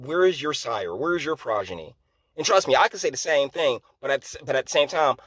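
Husky guy ranting on his channel, swears a lot, dry close sound. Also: mid-range voice, a bit bright, no echo. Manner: profane, heated, scornful. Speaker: commentary channel host. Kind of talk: ranting political commentary.

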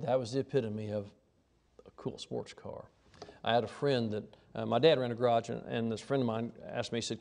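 A middle-aged man preaching a sermon as pastor, in a folksy storytelling way that moves from quiet asides to raised, emphatic lines. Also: medium pitch, creaky.

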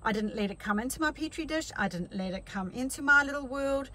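A woman's voice: high-pitched, animated, a little fast, pushed and bright, rough recording. A middle-aged woman life coach giving a chatty motivational talk, telling stories with many restarts.

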